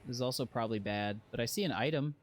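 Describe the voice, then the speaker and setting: A man's voice: medium pitch, fast, a little hiss or hum. A man streaming a game, telling a rambling story with chuckling asides and frequent self-interruptions. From Western. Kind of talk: casual gameplay commentary with anecdotes.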